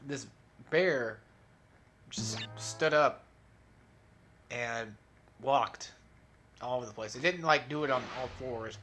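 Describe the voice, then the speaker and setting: A man's voice: medium pitch, takes it slowly, pauses often, pushed and bright, slight background noise. A young man giving rambling, self-mocking commentary while playing a video game, swearing and laughing often. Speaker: let's play host. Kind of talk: casual gameplay commentary.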